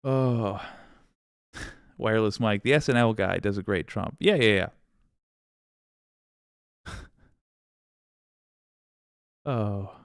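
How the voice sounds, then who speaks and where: Gravelly-voiced man chatting on a livestream. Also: fairly low pitch, takes it slowly, long pauses, dry recording, clean studio sound. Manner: rambling, sarcastic, swears freely, laughs often. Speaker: political livestream host. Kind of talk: casual livestream chat reading viewer comments.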